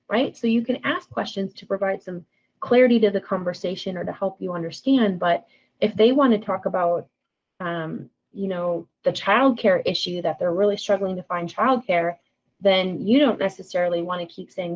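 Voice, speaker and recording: A woman's voice: mid-range voice, a little fast. A woman counselor giving a conversational training talk, often checking in with "right?" and acting out sample lines. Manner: conversational, frequent tag questions, acts out example lines. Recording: dull lo-fi sound.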